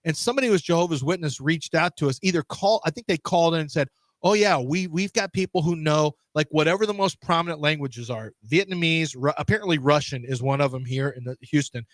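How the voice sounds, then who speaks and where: A man with a high voice talks on a radio show, spinning a story with lively acted-out voices. His voice is close and dry on a studio mic, with no room sound. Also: fast, no room sound. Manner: animated storyteller who acts out voices. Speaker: sports radio host. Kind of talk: casual studio banter.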